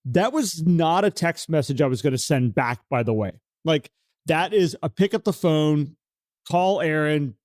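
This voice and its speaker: Animated man on a podcast, dry sound. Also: on the high side, unhurried, no echo. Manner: animated, acts out quoted voices. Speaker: podcast co-host. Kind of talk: casual podcast conversation.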